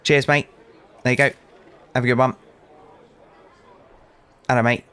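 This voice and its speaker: A man's voice: mid-range voice, little pitch movement, measured pace, pushed and bright, a little hiss or hum. A young British man casually commentating a game, chatting to customers and telling rambling anecdotes with dry asides. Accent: British English. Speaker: gaming channel host. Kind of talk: casual let's play commentary.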